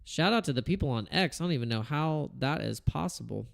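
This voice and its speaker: A man with a fairly high voice that swings widely up and down as he rants on a livestream. He talks in a fed-up, swearing, rambling way, full of restarts. His voice sounds close and dry, with no room around it. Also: lively intonation, brisk, vocal fry, no room sound. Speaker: crypto trading livestream host. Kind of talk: casual livestream rant.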